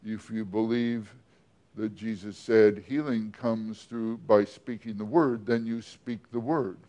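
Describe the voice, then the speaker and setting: A man preaching a sermon as pastor, often asking the congregation questions and pausing between phrases. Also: lowish voice, fairly even intonation, mellow. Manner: asks the congregation questions, with pauses and restarts.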